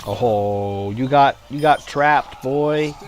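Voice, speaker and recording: A man's voice: medium pitch, drawn-out words, slight background noise. A man livestreaming a game, chatting casually and rambling between reactions to the play. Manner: rambling, many fillers and restarts, reacts to gameplay. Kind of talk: casual chat while gaming.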